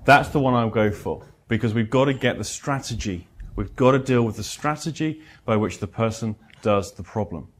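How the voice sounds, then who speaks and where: British man lecturing with animated delivery. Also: on the low side. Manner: animated, acts out client dialogue, dry humor. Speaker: presenter. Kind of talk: live lecture to therapists.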